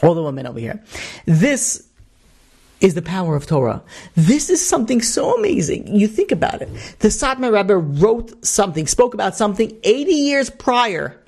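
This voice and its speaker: Rabbi telling a story. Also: male voice, sits high, sing-song, normal speed, gravelly, darkish tone, breathy edge. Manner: rambling, many asides and restarts. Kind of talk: storytelling sermon.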